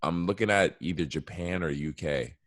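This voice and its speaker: A man's voice: low-pitched, moderate pace, a bit bright, no echo, studio quality. A man co-hosting a podcast in casual chat, often cutting in with questions and slangy talk. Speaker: podcast co-host.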